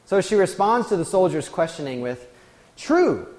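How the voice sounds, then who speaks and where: A man's voice: high-pitched, lively intonation, a little fast, darkish tone. A man preaching a sermon, telling a personal story in a conversational, self-deprecating way. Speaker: pastor. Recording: long hall reverb.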